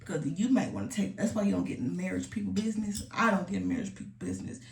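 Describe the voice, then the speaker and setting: A young woman vlogs from home in a candid, slangy, confessional way, now and then sinking into soft asides. Her voice has a gravelly edge, and it sits a little back from the mic in a roomy-sounding space with a faint hiss behind it. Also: mid-range voice, fast, far from the mic. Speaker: vlogger. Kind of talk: casual confessional chat. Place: home room.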